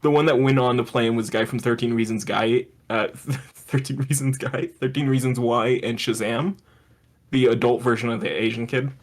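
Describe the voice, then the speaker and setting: A male co-host of a loose comedy podcast retells a show scene by scene in casual, comedic chat, laughing often and slipping into put-on character voices. His pitch and tone sit in an ordinary middle range, with fairly even intonation and a normal speed.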